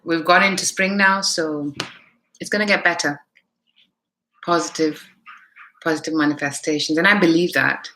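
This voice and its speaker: A woman's voice: low voice, steady tone, moderate pace, long pauses, bright, forceful tone, a little hiss or hum. A woman with a mixed Indian accent, hosting a live tarot stream in a chatty way, greeting viewers by name and thinking aloud as she reads the cards. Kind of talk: casual live-stream chat and tarot reading.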